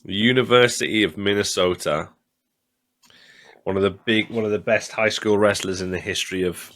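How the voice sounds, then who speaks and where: A man co-hosting a podcast, chatting casually and excitably, swearing and laughing often. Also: lowish voice, moderate pace. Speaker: podcast co-host. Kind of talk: casual chat.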